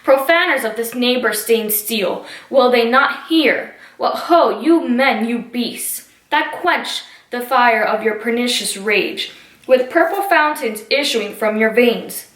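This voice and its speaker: A woman's voice: on the high side, takes it slowly, a bit bright, reverberant, rough recording. A woman reading a stern prince. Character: stern male prince rebuking brawling subjects. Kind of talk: reading a play aloud in class.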